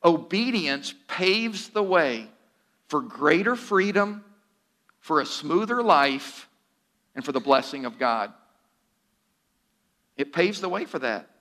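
A man's voice: on the high side, very animated, slow, long pauses, bright, forceful tone. A man preaching a sermon in an earnest, direct way, with a teasing humor and repeated words for emphasis. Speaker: pastor.

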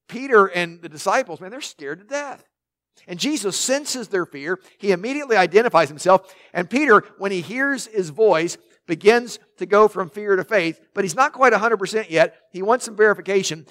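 A man's voice: high-pitched, fairly bright tone. A man preaching a sermon to a congregation, talking casually with asides and light humor and often repeating words as he starts a sentence. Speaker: pastor. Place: in front of a congregation.

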